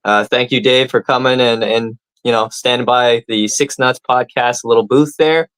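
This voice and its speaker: A man co-hosting a comedy podcast, giving his thoughts in a relaxed, casual way full of uhs. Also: mid-range voice, normal speed, clear, resonant tone, no room sound. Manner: relaxed, filler-heavy, with many uhs. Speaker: podcast co-host. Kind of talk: casual chat.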